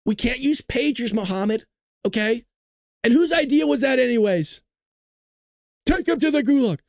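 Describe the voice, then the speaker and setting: A man's voice: extremely high pitch, sing-song, normal speed, dry recording, clean studio sound, pitched above the performer's own voice, full character voice. A man mocking a group of bumbling male militant planners in a cartoonish, exaggerated voice. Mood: smug, scheming.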